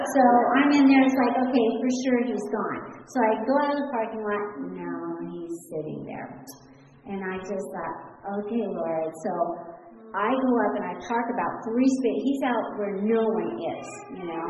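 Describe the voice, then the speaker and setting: A middle-aged woman giving an animated, laughing personal testimony to a congregation in a large church hall. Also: medium pitch, normal speed, slight background noise. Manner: animated storytelling, laughs often. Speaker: church speaker. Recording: echoey hall with dull sound.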